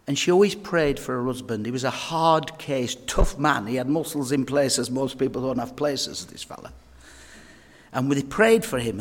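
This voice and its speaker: A man preaching a sermon, telling earnest and humorous stories to his congregation. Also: mid-range voice. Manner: earnest, humorous anecdotes, addresses folks directly. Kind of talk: sermon with storytelling. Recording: long reverb of a church hall.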